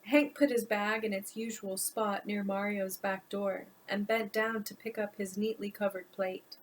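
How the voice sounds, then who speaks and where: A woman's voice: medium pitch, level tone, measured pace, a little hiss or hum, poor audio. A woman author narrating her own audiobook in an informal storytelling manner.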